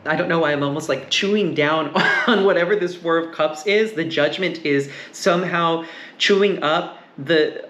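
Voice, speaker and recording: A man's voice: on the high side, a bit bright. A man giving a casual tarot reading, musing and meandering with many fillers and asides. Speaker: tarot reader. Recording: echoey room with faint noise.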